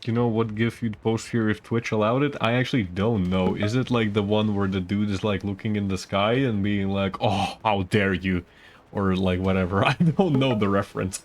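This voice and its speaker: A man doing casual live esports commentary, chatty and rambling, teasing the chat between plays. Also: lowish voice.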